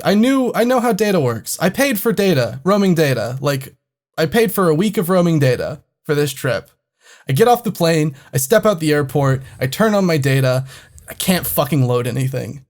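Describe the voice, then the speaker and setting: A man co-hosting a comedy podcast, telling a travel story in a rambling, profane, exasperated way. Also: a little high. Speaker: podcast co-host.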